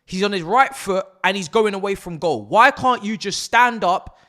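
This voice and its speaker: A young man hosting a live football watch-along, excitable and swearing, shouting at the players. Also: sits high, moderate pace. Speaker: live stream host.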